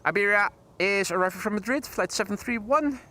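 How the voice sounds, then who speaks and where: A man's voice: sits high, a little fast, bright, forceful tone. A Dutch man hosting a live plane-spotting stream outdoors, chatting precisely about arriving flights and correcting his own wording. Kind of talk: live commentary with chat greetings. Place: outdoors by an airport runway.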